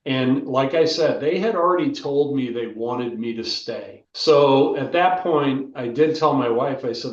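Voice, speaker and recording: Older man, animated storyteller, casual interview guest, roomy, dull sound. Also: mid-range voice, unhurried, hardly any pauses, distant mic. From United States. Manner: animated storyteller, keeps asking "right?". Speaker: former football player, guest.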